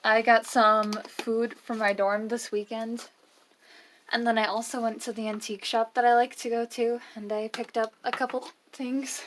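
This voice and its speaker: A woman's voice: on the high side, flat delivery, normal speed, a bit bright, a little hiss or hum. Hiccuping young woman vlogging from a dorm. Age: young adult. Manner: chatty, showing off purchases. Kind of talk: casual vlog chat. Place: college dorm room.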